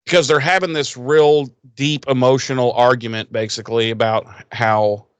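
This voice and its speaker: A man co-hosting a podcast, casually recapping a TV episode with lots of swearing and lively acted-out quotes. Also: medium pitch, normal speed, clean tone, dry recording. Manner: profane, animated, acts out quoted lines. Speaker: podcast co-host.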